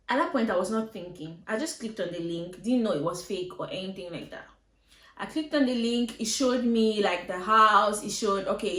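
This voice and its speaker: A woman's voice: mid-range voice, echoey room. A woman vlogger telling a story time with emotion, acting out her own quoted lines and at times getting teary. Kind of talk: storytime vlog.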